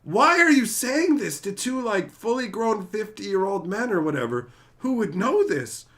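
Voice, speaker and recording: A man's voice: sits high, unhurried. A man on a casual stream, ranting and acting out scenes, swearing freely and laughing as he tells it. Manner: animated, acts out scenes in put-on voices.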